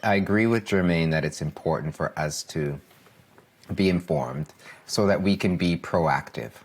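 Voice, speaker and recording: Male podcast guest coach, deep husky voice, emphatic and repetitive. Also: normal speed. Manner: emphatic, repeats key phrases, asks "right?" for agreement. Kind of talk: earnest podcast discussion.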